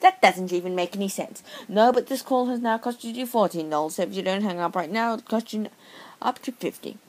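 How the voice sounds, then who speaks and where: Woman doing a smarmy polite phone operator, sir this sir that, deadpan, comedy sketch. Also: mid-range voice, fairly quick, natural voice. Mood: smug. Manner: overly polite, keeps saying sir. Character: deadpan male helpline operator, smugly polite.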